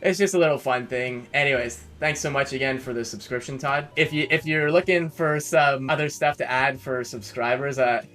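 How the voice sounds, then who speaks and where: A man's voice: medium pitch, normal speed, hardly any pauses, pushed and bright, faint music behind. A Canadian man streaming a live coding session, thinking aloud and correcting himself as he types commands. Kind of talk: casual live-coding narration.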